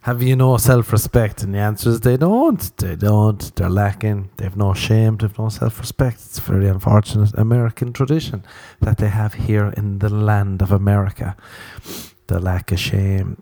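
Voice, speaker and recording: Brief: Irish man hosting a solo podcast, crude and rambling, low and mellow. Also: normal speed. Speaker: podcast host. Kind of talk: comedic solo podcast monologue.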